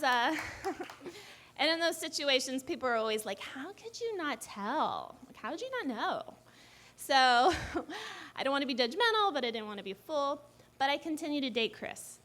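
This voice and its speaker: Young woman storyteller, really animated, voice jumps all over, keeps laughing. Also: high voice, brisk. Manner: animated, often laughing as she talks. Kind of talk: live personal storytelling.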